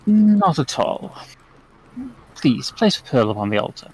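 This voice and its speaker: A man's voice: on the high side, big pitch swings, measured pace, darkish tone, breathy edge, full character voice, poor audio. A man voicing a smug, suave male archdevil in a tabletop game, courteous on the surface and dry underneath.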